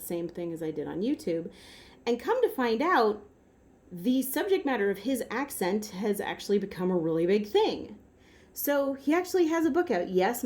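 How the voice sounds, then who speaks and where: A woman vlogging in a casual, rambling way, correcting herself mid-sentence and jumping up in pitch when something excites her. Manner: rambling, self-correcting, with sudden upward pitch jumps. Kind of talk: casual chatty commentary to camera.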